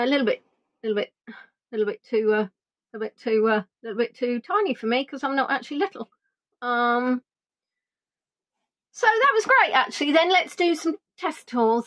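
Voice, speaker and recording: A woman tour guide chatting through a playful, animated reminiscing monologue. She jumps between voices to act out what people said. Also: sits high. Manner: animated, playful, acts out quotes in funny voices.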